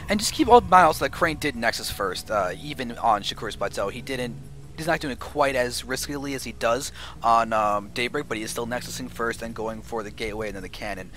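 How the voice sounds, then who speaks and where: A man's voice: mid-range voice, brisk. Analytical male esports commentator. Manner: analytical, rising excitement at big plays. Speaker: esports caster. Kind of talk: play-by-play game commentary.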